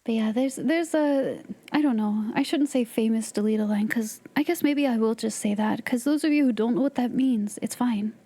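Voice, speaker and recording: A woman streamer chatting casually to her live audience, excitable and laughing often. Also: a little high, moderate pace, few pauses.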